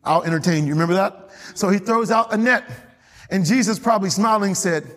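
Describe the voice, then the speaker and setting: The recording carries long hall reverb from a church hall, where a male pastor preaches a sermon. His voice sits high, a bit bright and a little fast, and he frequently questions the congregation and waits for their response.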